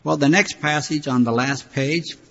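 A man's voice: a little high, moderate pace, fairly bright tone. An older man preaching a sermon in a conversational, folksy way, with frequent asides. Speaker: pastor. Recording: hall reverb, dull lo-fi sound.

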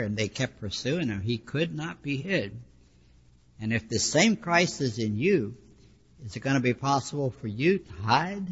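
A man of medium pitch with a slightly rough voice gives a sermon, teaching scripture in an easy conversational way and frequently going off on asides. The audio is dull and lo-fi, with a long hall reverb.

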